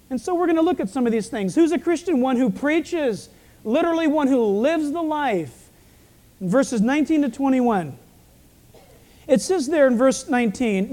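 A male pastor with a croaky, frog-like voice, preaching a sermon with storytelling asides. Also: very high voice, animated, unhurried, warm tone.

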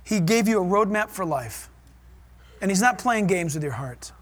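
A man preaching a sermon and reading scripture aloud, fervent and emphatic, with his pace swinging from quick to drawn out. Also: sits high, animated.

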